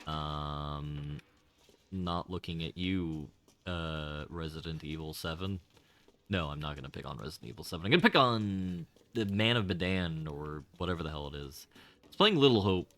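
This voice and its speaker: This game streamer has a rumbling, low voice with a slight brightness, and he keeps a moderate pace. His livestream commentary is casual and rambling, sprinkled with sarcastic, wry remarks and offhand cursing.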